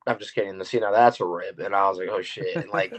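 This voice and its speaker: A young man, a professional wrestler, chatting loosely and excitedly as a podcast guest. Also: sits low, fast. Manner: loose and excitable, full of fillers and laughs, acts out dialogue. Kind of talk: casual interview chat. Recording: dull lo-fi audio.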